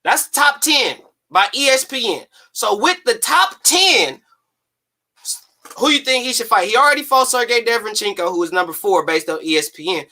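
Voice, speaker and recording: Brief: woman host, bright tense tone, methodical list reader. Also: on the high side, animated, normal speed. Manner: methodical, reads out lists. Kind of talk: casual chat.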